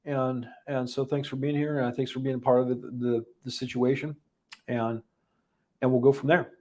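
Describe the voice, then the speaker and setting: A man hosting a livestream recap, talking unscripted, halting and emotional with many restarts, audibly holding back tears. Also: mid-range voice, level tone, warm tone. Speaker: livestream host giving a daily recap.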